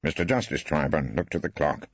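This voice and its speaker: A man's voice: extremely low pitch, expressive, a little fast, husky, dry recording. A man reading first-person audiobook narration in a dry, understated way. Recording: dry, slightly dull studio.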